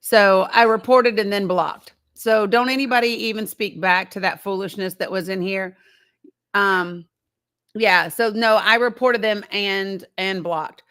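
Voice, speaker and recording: A woman's voice: medium pitch, steady tone, a little slow, a bit bright. An older woman hosting a livestream, telling a personal story in a chatty way and speaking directly to her viewers. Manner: chatty, conversational, addresses the audience directly. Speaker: livestream host. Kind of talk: casual storytelling to a live chat.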